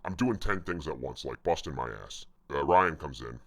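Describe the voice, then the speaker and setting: A man's voice: extremely low pitch, animated, normal speed, a bit bright. A man casually telling rambling, profane stories from his restaurant job. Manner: profane, rambling, self-mocking. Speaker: vlogger telling work stories. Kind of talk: casual storytelling.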